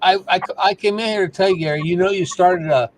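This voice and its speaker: A man's voice: high-pitched, quick pace, a little hiss or hum. A man chatting and teasing his friends in a casual conversation.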